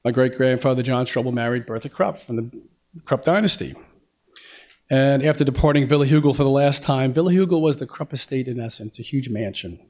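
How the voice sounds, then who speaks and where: A man's voice: mid-range voice, fairly quick, darkish tone. A man giving a folksy talk to an audience, telling a family story with lots of quoted dialogue and casual fillers. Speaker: guest speaker. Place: lecture hall.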